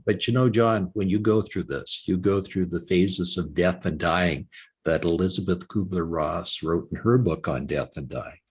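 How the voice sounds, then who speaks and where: A man's voice: low-pitched, normal speed, slightly rough. A man in his sixties, a guest author from Canada, telling his story in an interview and acting out the voices of others as he goes. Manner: animated storyteller acting out quoted dialogue.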